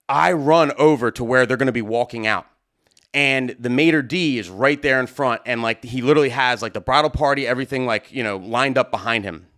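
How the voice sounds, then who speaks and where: A man, a wedding DJ, telling a story to camera in a rambling, excitable way, full of fillers and "right?" tags. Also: mid-range voice.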